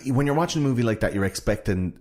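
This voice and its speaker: A man hosting a podcast and chatting casually about a film, talking haltingly with many restarts and fillers. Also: medium pitch. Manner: halting, many restarts and fillers, animated when retelling scenes. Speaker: podcast host.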